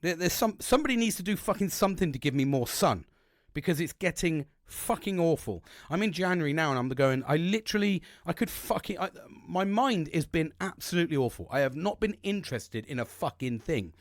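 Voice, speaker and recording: A man's voice: fairly high pitch, lively intonation, fairly quick, no room sound, clean studio sound. A man in his forties, a podcast host, rambling through a frank monologue with constant swearing and self-mockery.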